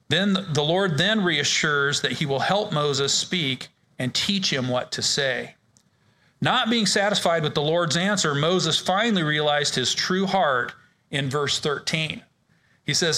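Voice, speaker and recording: A man's voice: a little high, a little slow, pushed and bright. A man leading a men's ministry Bible study in a casual, joking way, often restarting his sentences. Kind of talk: informal Bible study teaching.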